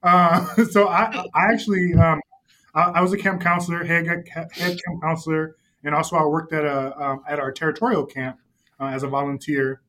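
Male podcast guest, slightly high voice, animated storyteller with frequent laughs. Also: moderate pace. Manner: animated storyteller, laughs often, many fillers. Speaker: youth ministry leader, podcast guest. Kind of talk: casual podcast chat, storytelling.

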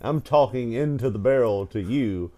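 A man telling a childhood story in casual chat, animated and often laughing as he talks. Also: medium pitch, normal speed. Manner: animated, laughs through his own story.

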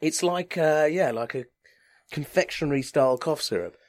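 A man's voice: on the high side, normal speed, no echo, clean studio sound. A man hosting a casual comedy chat, sweary and sardonic, still unwell and sweaty in a small booth. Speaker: podcast host.

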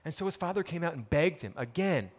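A man's voice: a little high, expressive, fast. A man preaching a sermon, telling a parable dramatically and acting out the characters' words. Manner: dramatic storytelling, acts out quoted characters. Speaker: pastor.

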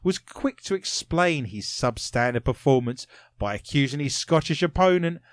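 A man's voice: fairly high pitch, lively intonation, normal speed, no room sound, clean studio sound. A man hosting a comedic quiz podcast, playful and teasing, laughing often between his lines. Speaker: quiz host.

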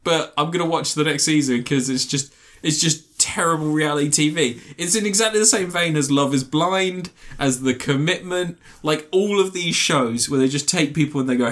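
A man in casual podcast chat, telling a story with plenty of swearing. He slips into put-on voices to quote people, his delivery animated and loose. The tone is that of a relaxed co-host. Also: on the high side, moderate pace, hardly any pauses. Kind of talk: casual chat, reviewing reality TV.

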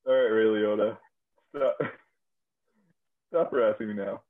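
Young male co-host, deep voice, dry humor, tinny phone-like audio. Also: steady tone, a little slow. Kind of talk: casual chat.

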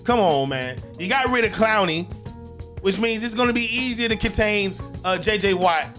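A man's voice: sits high, expressive, moderate pace, a bit bright, soft background music. A man hosting a sports podcast, giving his football picks in a brash, punchy, repetitive way. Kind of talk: solo sports picks commentary.

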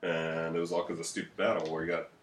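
A man's voice: low-pitched, level tone, quick pace. A man co-hosting a history podcast, telling the story in a joking, profane, casual way and sounding tired after a few beers. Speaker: podcast co-host. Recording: roomy echo.

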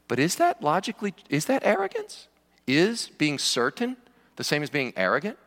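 A man's voice: on the high side, huge pitch swings, moderate pace, long pauses, fairly bright tone. A man preaching a sermon to his church in a conversational way, with joking asides. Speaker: pastor. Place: church sanctuary. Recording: long reverb of a large hall.

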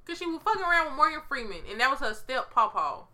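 A woman with a very bright, forceful voice, talking in a loose, animated way. She tells stories with lots of slang and swearing, like an easygoing co-host chatting with a friend. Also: high voice, fast talker. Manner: animated, profane, slangy storytelling. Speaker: podcast co-host. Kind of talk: casual chat.

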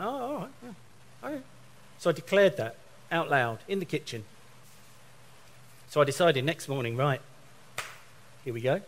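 Animated male preacher telling stories. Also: a little high. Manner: animated storytelling, acts out phone calls. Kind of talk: sermon.

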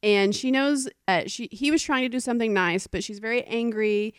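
A woman's voice: on the high side, normal speed, clear, resonant tone, no room sound. A woman co-hosting a casual podcast, recounting a listener story with wry, dry comments. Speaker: podcast co-host.

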